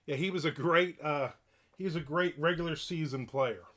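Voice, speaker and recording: A man's voice: fairly high pitch, normal speed, a bit bright. A middle-aged man hosting a livestream, giving a casual rant in a blunt, profane and opinionated way. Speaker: livestream host.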